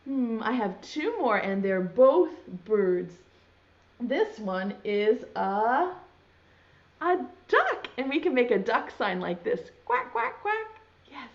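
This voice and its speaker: Young preschool teacher lady, high voice, slow sing-songy, kinda dull lo-fi sound. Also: big pitch swings. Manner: slow, sing-song and encouraging, using baby signs.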